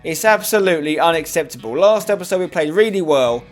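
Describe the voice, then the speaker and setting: A young man hosting and commentating on a football management game, swinging from hopeful to loud frustration. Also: on the high side, fast. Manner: excitable, groans loudly at conceded goals. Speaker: host. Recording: faint music behind.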